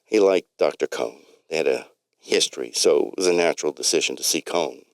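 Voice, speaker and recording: A man's voice: a bass voice, brisk, dry recording. A man reading a story aloud in a plain way, with slips and restarts.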